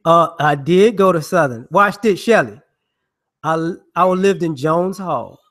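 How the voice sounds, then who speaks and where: A man giving casual, rambling monologue commentary in slangy speech, filled with "you know" and quick acted-out voices. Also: on the high side, expressive, fairly bright tone. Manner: acts out people he mocks with quick voices.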